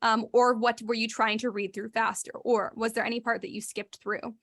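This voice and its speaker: A chatty woman co-hosting a podcast about writing, her voice sitting a little high. She talks in a relaxed, casual way and jumps up in pitch when she acts out quotes. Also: normal speed. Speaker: podcast co-host. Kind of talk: casual chat.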